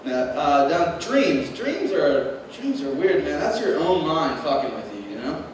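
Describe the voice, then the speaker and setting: A man's voice: a little high, big pitch swings, unhurried. A young man doing open-mic stand-up comedy, rambling and self-deprecating, often laughing at his own jokes. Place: small club with live audience. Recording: echoey room recorded from a distance, noisy.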